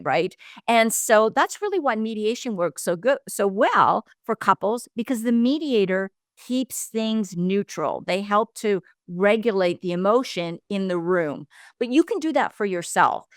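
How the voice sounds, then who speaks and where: A woman divorce coach giving calm, explanatory advice as a podcast guest. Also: mid-range voice, smooth, no room sound, studio quality. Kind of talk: podcast interview.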